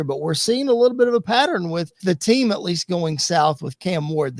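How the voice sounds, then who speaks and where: A man's voice: on the high side, no room sound. A man appearing as a guest podcast host, giving earnest sports analysis and repeating his key points.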